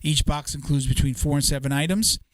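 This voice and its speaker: Relaxed man hosting a podcast, smooth voice. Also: a little high, a little fast, no room sound, studio quality. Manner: easygoing, reads sponsor copy with fillers. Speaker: podcast host. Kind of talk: casual podcast chat and sponsor reads.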